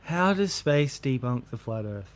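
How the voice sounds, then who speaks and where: A man's voice: mid-range voice, lively intonation, a little slow. Een man die koppig en afwijzend tegenspreekt in een verhit online debat. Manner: stubborn, dismissive. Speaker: flat earth panelist.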